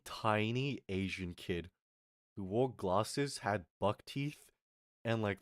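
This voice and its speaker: A young man telling a story on his stream, swearing a lot and swinging between mutters and yells. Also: on the low side, no echo, studio quality. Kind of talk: casual storytelling rant on a live stream.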